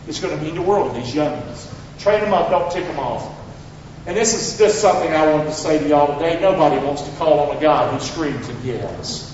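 A pastor preaching in a cavernous, ringing church, his rather high man's voice picked up from a distance. He urges the congregation to repeat after him, then drops to a hushed, earnest tone. The sound is a bit muffled. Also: slight background noise. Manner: call-and-response preaching, swinging from loud to hushed. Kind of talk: Father's Day sermon. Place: church sanctuary. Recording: very echoey hall, distant mic, slightly dull.

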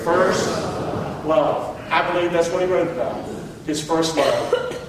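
Heard from far off in an echoey church hall with a noisy background, a man with a fairly high voice preaches unhurriedly. He uses call-and-response, having the congregation repeat words back to him.

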